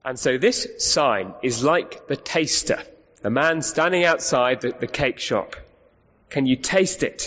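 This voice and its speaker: A man's voice: mid-range voice, lively intonation, measured pace, fairly bright tone. A male preacher delivering an emphatic sermon, asking the congregation rhetorical questions and often restarting his sentences. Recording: reverberant hall, muffled sound.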